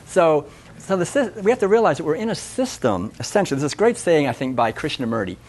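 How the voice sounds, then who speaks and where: Animated man giving a festival talk. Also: a little high, quick pace. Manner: animated, conversational, often acts out voices. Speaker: speaker.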